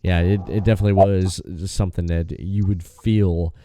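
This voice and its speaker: A man's voice: low-pitched, fairly even intonation, normal speed, background noise. A man hosting a podcast, chatting casually and enthusiastically, often restarting his sentences and swearing now and then. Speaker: podcast host.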